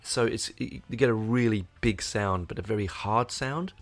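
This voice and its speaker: A man's voice: on the low side, normal speed, gravelly, dry recording. A man casually reviewing a record, rambling and swearing with plenty of restarts and enthusiasm. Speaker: album reviewer. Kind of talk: casual spoken album review.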